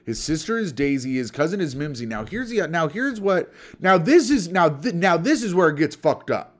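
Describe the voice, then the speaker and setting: A man's voice: a little high, very animated, normal speed. A man co-hosting a podcast, chatting casually with crude jokes and put-on voices. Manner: crude, joking, puts on silly voices. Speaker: podcast co-host. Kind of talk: casual comedic chat.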